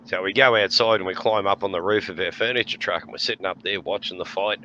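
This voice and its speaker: A man's voice: low voice, steady tone, fast, bright, forceful tone, highs cut off, slight background noise. An Australian man in his sixties telling rowdy stories in casual chat, laughing often and swearing freely. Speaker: podcast host.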